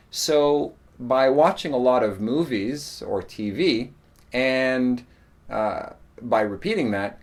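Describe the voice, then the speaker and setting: Relaxed male teacher, plenty of fillers. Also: mid-range voice. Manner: relaxed, explaining with frequent fillers. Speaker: English teacher. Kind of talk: casual spoken lesson.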